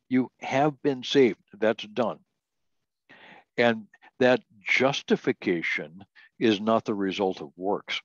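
An older man giving a slow, deliberate Bible doctrine lesson, reading scripture aloud and often restarting with "uh". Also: fairly low pitch, no room sound. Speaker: Bible teacher. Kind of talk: recorded doctrine lecture. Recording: dull lo-fi audio.

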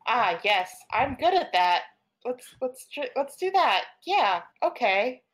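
A woman's voice: on the high side, sing-song, slow, a bit bright, rough recording. Woman player, playful, swearing, laughing, casual table talk. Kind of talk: casual tabletop role-play.

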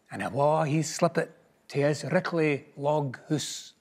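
Scottish guy reading a kids book aloud, slow and singsong, lots of ups and downs. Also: a little high, animated, a little mellow. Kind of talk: reading a picture book in Scots.

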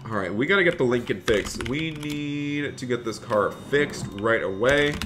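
Young guy livestreaming a game, super excited, thanks everyone nonstop, faint typing in the background. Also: medium pitch, normal speed, noisy background. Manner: excitable, gushing thanks to donors. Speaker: streamer. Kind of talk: live game stream commentary.

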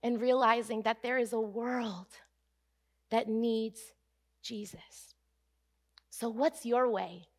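A woman delivers a sermon in a church with a fairly high voice. She preaches earnestly and with emphasis. She slows down and leans on the key phrases. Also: steady tone. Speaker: pastor. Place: church sanctuary.

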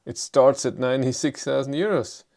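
Halting German-accented man hosting a livestream. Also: medium pitch, a little mellow. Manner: halting, many fillers and restarts, reads chat questions aloud. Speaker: livestream host. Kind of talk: live chat answering viewer comments.

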